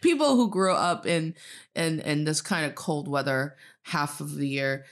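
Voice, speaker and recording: A woman from China chatting casually as a podcast co-host, telling animated stories with laughs. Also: sits low, a little slow. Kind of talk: casual conversation.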